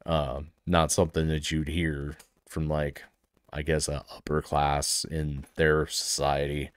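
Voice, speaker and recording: A man's voice: a bass voice, completely flat delivery, slow, clean tone, dry recording. A man hosting a reaction video, chatting casually and enthusiastically, laughing often as he rambles.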